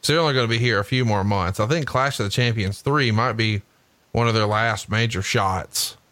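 A man's voice: fairly low pitch, brisk, a bit bright, no room sound. A man from Alabama, co-hosting a casual wrestling chat, joking and swearing a lot. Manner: profane, jokey, laughs a lot. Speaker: wrestling podcast co-host.

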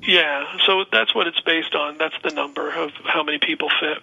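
A man with a high, very bright voice talks through his tours in an upbeat, rambling way, full of restarts. He comes through a dull, narrow phone line. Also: steady tone, normal speed, creaky. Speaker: guest, paranormal tour organizer. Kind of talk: casual radio interview.

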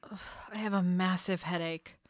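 A woman in an audio drama, playing a flat, matter-of-fact detective. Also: fairly low pitch, normal speed, dry recording, studio quality, natural voice. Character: dry-humored detective with a headache.

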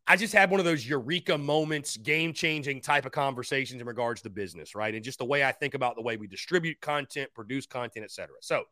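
Bright, energetic male podcast host. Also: a little high, no echo, clean studio sound. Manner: energetic, repeats himself, talks straight to viewers; thanks fans and shouts out supporters by name. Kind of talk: live-stream call-in show chat.

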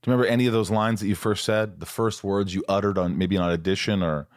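A man in his fifties hosting a podcast, chatting casually and excitably with his guest. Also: low voice, fast, no echo, studio quality. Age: 50s. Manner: chatty and excitable, jumps in with questions. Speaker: podcast host. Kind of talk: casual interview chat.

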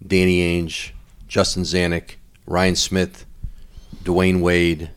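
A man's voice: sits low, flat delivery, takes it slowly, clean tone. A man hosting a podcast, asking probing, rambling questions in a conversational way. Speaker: podcast host and interviewer.

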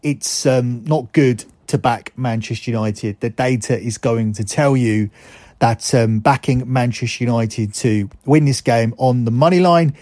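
A man hosting a football podcast, breaking down odds and form with fluent analysis and brisk sponsor reads. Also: medium pitch, darkish tone, dry recording, clean studio sound. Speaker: podcast host. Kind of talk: sports betting preview with ad reads.

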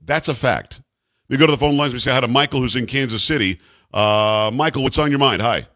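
A man's voice: mid-range voice, a little fast, a bit bright, dry recording. A man hosting a talk radio show, delivering emphatic commentary full of repeated rhetorical questions into a studio microphone.

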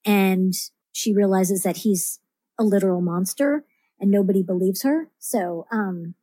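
A woman's voice: mid-range voice, a little slow, mellow, slightly rough, no echo. A woman writer chatting as a podcast guest, rambling with many fillers and restarts. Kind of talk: casual interview chat.

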